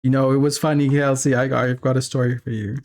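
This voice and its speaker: A man's voice: mid-range voice, little pitch movement, fast talker, a little mellow. A man chatting casually on a live stream while working, rambling through stories and laughing often. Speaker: streamer and 3D artist.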